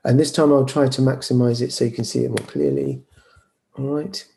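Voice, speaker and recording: Guy lecturing on a video call, mellow warm voice, a bit halting, lots of ums. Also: medium pitch, creaky. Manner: hesitant, apologetic, many fillers and restarts. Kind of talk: online lecture with screen sharing.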